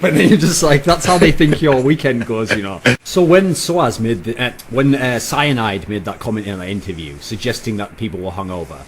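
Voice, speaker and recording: A man's voice: medium pitch, expressive, a little fast, hardly any pauses. A young British man hosting a casual chat show, rambling and profane, mocking others and slipping into silly voices. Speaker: podcast host.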